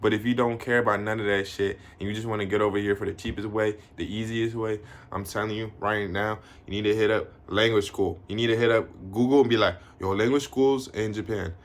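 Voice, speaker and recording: With a fairly low, flat voice, this young vlogger talks quickly and barely pauses. He's an American based in Tokyo, chatting to his viewers in relaxed slang, swearing a lot and leaning on phrases like "you know what I mean."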